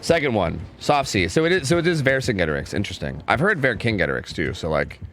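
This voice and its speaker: A man's voice: fairly low pitch, big pitch swings, fast talker, fairly bright tone, a little hiss or hum. A young man from New York streaming a game, talking in a laid-back way with lots of filler words. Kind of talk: casual gameplay commentary.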